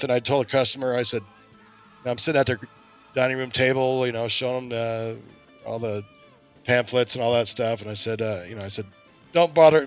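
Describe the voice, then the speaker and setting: A man hosting a podcast, telling a self-deprecating story in a lively, casual way. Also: mid-range voice, highs cut off. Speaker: podcast host.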